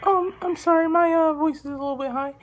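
A man voicing a timid, high-voiced male caller in a squeaky falsetto, stammering with lots of ums. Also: fairly even intonation, fast talker, background noise. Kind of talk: prank phone call.

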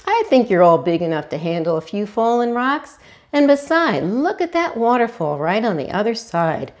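A woman voicing a caring mother dinosaur in a storybook reading, gentle and reassuring. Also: medium pitch, very animated, normal speed, natural voice.

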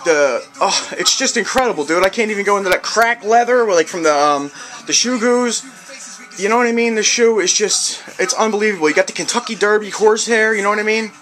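Casual sneaker vlogger, male, hyped and slangy, fairly high voice, faint music under. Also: a little fast, a bit bright. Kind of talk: casual video review.

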